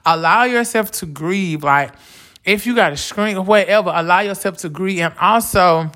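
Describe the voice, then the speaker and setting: Bright-voiced woman sharing her grief. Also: lowish voice, normal speed. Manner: casual, repeats "like" often, earnest. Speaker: podcast host. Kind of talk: heartfelt personal talk on grief and faith.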